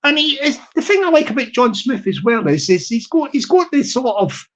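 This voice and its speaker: A man hosting a live stream, giving upbeat, rambling shout-outs and often repeating himself. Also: very high-pitched, very animated, a little fast, muffled recording.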